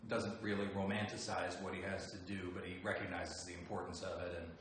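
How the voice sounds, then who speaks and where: A man answering fan questions in a relaxed, joking livestream chat. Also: low voice, a little fast. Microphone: phone some distance away. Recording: echoey room, voice from far off, faint background noise.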